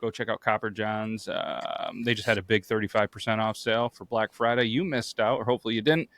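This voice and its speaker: A man's voice: lowish voice, steady tone, a little fast, a bit bright. A man hosting a podcast, telling stories in a laid-back way with crude jokes and lots of fillers. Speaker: podcast host. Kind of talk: casual chat.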